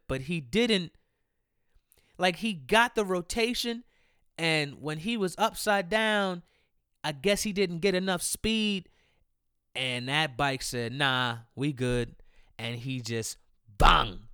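A man's voice: high voice, clean tone, no echo, clean studio sound. Young man telling laid-back stories. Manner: animated, laughing, slangy, repeats himself. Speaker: storyteller. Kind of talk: casual storytelling.

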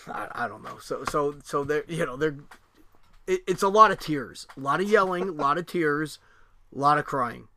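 A man's voice: medium pitch, sharp tone. A middle-aged man telling a family story in casual chat, rambling with lots of fillers and restarts, and swearing freely.

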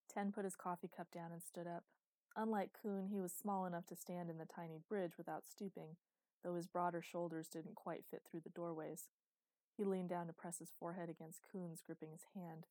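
A woman narrates an audiobook in a steady, even storytelling manner. Her voice is lowish and mellow, recorded dry and close with no room sound. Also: brisk, dry recording. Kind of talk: scripted narration.

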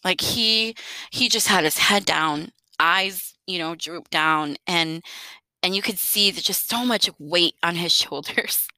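Bright-voiced mother, emotional and heartfelt. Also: on the low side, slow pace, dry recording, low-quality recording. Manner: heartfelt, emotional, with soft laughs. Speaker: mother sharing a personal story. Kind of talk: emotional personal monologue.

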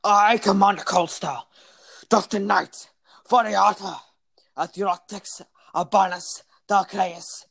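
A man's voice: sits high, gravelly, a bit bright, husky, voice pushed up, full character voice. A man voicing an imperious male commander of a council, speaking in a put-on robotic voice. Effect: robotic voice, spoken.

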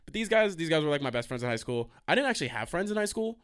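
A man's voice: a little high, rapid-fire, clear, resonant tone. A young man hosting a college radio show, rambling casually and profanely, getting heated and jumping off track. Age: young adult. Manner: profane, excitable, jumps off track. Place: college radio station studio.

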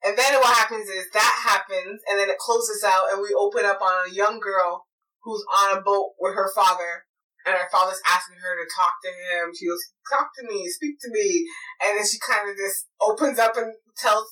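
A woman in a casual chat, excitedly recapping a drama episode and acting out the characters' lines, often laughing. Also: mid-range voice, normal speed, recorded from a distance, poor audio. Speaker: drama recap podcast co-host.

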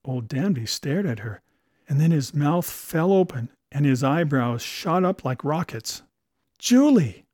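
A man's voice: medium pitch, warm tone, dry recording. Wry male audiobook narrator. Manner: dry, wry first-person storytelling. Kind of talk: audiobook narration of a comic novel.

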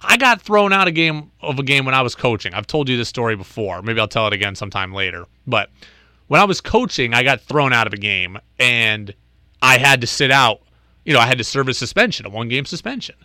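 A man hosting a sports talk show, telling a story in an animated, exasperated way. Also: medium pitch, a little fast, no echo.

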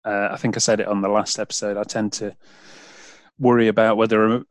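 A man's voice: lowish voice, level tone, fairly quick, dry recording. A British man hosting a podcast, rambling in casual chat with lots of fillers and restarts. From United Kingdom. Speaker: podcast host.

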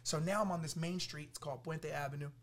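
A man from the Los Angeles area telling his testimony as a podcast guest, acting out what people said to him in an animated way. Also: a little high, quick pace. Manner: animated, acts out quoted voices, laughing through funny parts. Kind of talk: storytelling testimony.

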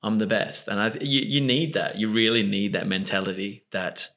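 A man's voice: lowish voice, normal speed, sharp tone. A man hosting a podcast interview, chiming in with short, agreeable reactions. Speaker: podcast host. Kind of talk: casual interview chat.

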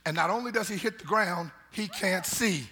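A man pastor preaching a sermon in a church, calling out to the congregation, repeating words and building to shouts. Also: sits high, normal speed, a crowd in the background. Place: church sanctuary.

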